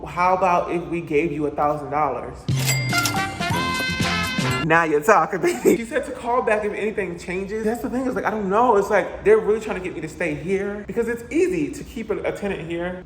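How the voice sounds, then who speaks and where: Chatty man ranting in an echoey apartment. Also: high voice. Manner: chatty, animated, with playful asides. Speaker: vlogger. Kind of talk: casual vlog rant. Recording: echoey room with faint ambience.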